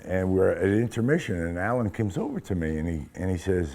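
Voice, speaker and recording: An older man, an actor, telling animated, profane anecdotes in an interview and acting out the quotes. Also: low voice, fairly quick, hardly any pauses.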